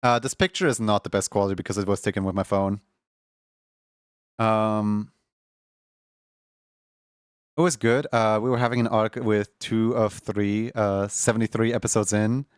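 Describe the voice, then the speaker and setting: A man's voice: lowish voice, steady tone, moderate pace, long pauses, clean tone, no echo, clean studio sound. Rambling young male streamer. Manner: rambling, heavy filler words, laughs often. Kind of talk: casual livestream chat. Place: home room.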